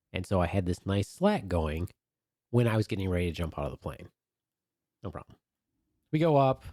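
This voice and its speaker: Low, mellow-voiced man telling a story. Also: dry recording, studio quality. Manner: animated, crude humor. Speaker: podcast co-host. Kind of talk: casual storytelling.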